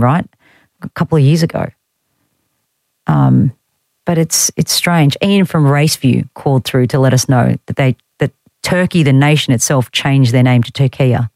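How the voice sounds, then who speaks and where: A woman's voice: very deep voice, a little mellow, no room sound. An Australian woman hosting talkback radio, chatting in a wry, teasing way and reading out listener texts. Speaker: radio host. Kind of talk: casual talkback radio chat. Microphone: studio microphone.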